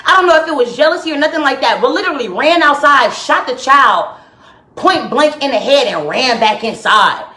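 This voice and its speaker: A woman ranting heatedly and emphatically to her viewers on a live stream from home, her voice swinging widely in pitch. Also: expressive, normal speed, bright, forceful tone, reverberant. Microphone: phone or webcam live stream.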